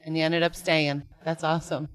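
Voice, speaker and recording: A woman's voice: sits low, little pitch movement, brisk, smooth. Upbeat woman hosting an interview. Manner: upbeat, short affirmations. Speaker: radio show host.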